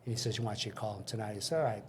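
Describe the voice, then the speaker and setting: A man's voice: on the low side, rapid-fire, slight background noise. An older man, a guest in an interview, casually telling career stories and acting out the conversations in them, with frequent restarts. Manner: anecdotal, acts out dialogue, frequent restarts. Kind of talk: casual storytelling.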